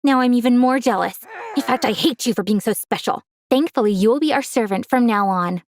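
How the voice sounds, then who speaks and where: A woman voicing a spiteful, jealous teenage girl cousin in a storytime narration, with a shrill, mocking manner. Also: fairly quick, dry recording, clean studio sound, natural voice.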